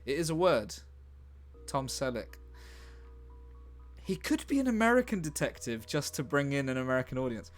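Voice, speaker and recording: A man hosts a relaxed live stream, musing aloud and chatting with viewers as he drafts a script. His voice sits at a middling pitch, with faint music and keyboard clicks in the background. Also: normal speed. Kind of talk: casual live-stream chat while scriptwriting.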